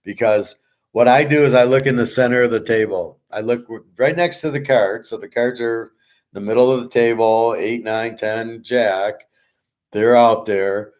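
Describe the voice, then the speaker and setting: Speaking in a mid-range voice with a darkish tone, this middle-aged host answers viewers in an offhand monologue, full of bluntness, swagger, and free swearing.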